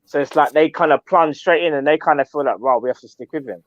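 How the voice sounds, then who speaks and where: A man co-hosting a live football fan chat, excitable and full of slang banter. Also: on the high side, quick pace, dry recording, dull audio. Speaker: fan channel co-host.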